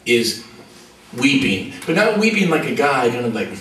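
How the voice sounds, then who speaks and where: A man, a musician, telling a lively anecdote and acting out other people's voices. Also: medium pitch, normal speed, roomy sound, far from the mic, rough recording. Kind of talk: anecdotal storytelling.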